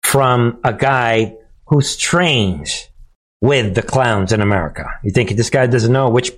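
A man's voice: medium pitch, unhurried. A man hosting a live political commentary show, mocking and combative, often laughing at the clips he plays.

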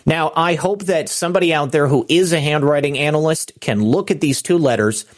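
A man's voice: a little high, a little fast. A man hosting political commentary in a sarcastic, mocking tone, talking straight to the viewer.

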